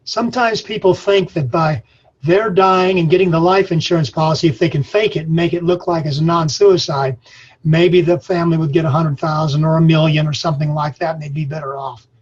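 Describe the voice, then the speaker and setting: A man's voice: on the high side, fairly even intonation, brisk, breathy edge, muffled recording. An older man from Colorado giving a webinar lesson on farm stress, talking in a folksy storytelling manner. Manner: folksy, storytelling, says y'all. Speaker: extension speaker on farm mental health. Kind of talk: webinar presentation. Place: his office.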